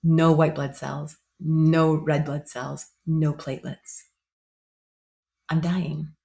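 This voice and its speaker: Animated woman telling a personal story. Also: low voice, slow, creaky. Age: 50s. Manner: animated, acts out others' lines in raised voice; repeats phrases for emphasis. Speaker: guest.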